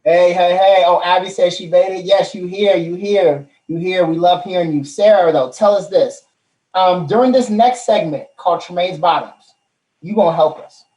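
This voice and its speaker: Man, show host, casual chat, profane, excitable, echoey room. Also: high-pitched, normal speed. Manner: loud, profane, excitable hype. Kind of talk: casual live-stream chat. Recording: roomy echo.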